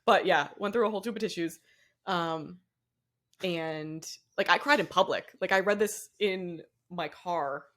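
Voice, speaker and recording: A woman's voice: on the low side, a little slow, fairly bright tone. A young woman co-hosting a podcast in casual chat, rambling and cutting herself off, laughing often. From Boston area, US. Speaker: podcast co-host.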